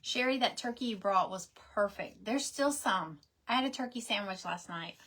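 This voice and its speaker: A woman's voice: moderate pace, husky. Chatty woman telling stories. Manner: rambling, animated, acts out quoted voices in a high pitch. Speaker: crafting livestream host. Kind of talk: casual chatty storytelling while crafting.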